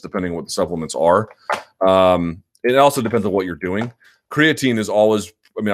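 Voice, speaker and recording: A man hosting a live chat, answering viewer questions in a rambling, self-assured way, often restarting his sentences. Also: deep voice. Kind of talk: live chat, casual and opinionated.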